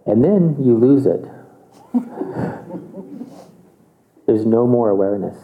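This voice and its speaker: A man's voice: mid-range voice, animated, slow, a little hiss or hum. A man giving a casual meditation talk, conversational and chuckling, often checking in with his listeners. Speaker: meditation teacher. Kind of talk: relaxed dharma talk. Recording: tinny phone-like audio.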